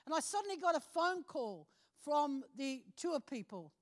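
High-voiced woman telling a lively testimony. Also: moderate pace. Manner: animated storytelling, acting out phone calls, laughing often. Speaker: preacher. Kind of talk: testimony from the pulpit.

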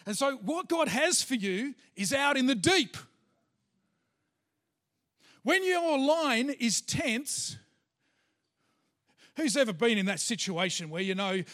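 A man's voice: high voice, fairly bright tone. A man, a pastor giving a sermon and telling a personal story in a chatty way with lots of fillers.

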